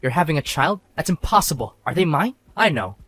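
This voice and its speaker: A man's voice: on the high side, big pitch swings, brisk, fairly bright tone, breathy edge, dry recording, full character voice. A man playing a young husband who mocks and scorns his wife in dramatic dialogue. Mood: angry. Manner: mocking, sneering and scornful.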